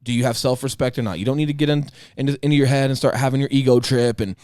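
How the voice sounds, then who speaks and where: A man in his thirties talks fast and bluntly on a podcast, swearing freely and acting out the people in his story. His voice is dry and close, with no room sound around it. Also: medium pitch, fairly even intonation, darkish tone, clear, resonant tone, dry recording. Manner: blunt, profane storytelling with reenacted dialogue. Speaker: podcast co-host. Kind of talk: casual chat.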